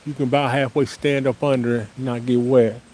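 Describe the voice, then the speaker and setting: A man's voice: medium pitch, flat delivery, brisk, slight background noise, low-quality recording. A man breeding dogs, hosting a casual livestream outdoors under a tree, chatting easily with viewers and calling to his dogs. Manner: easygoing, calls viewers "y'all" and shouts to his dogs. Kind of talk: casual live-stream chat. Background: light rain.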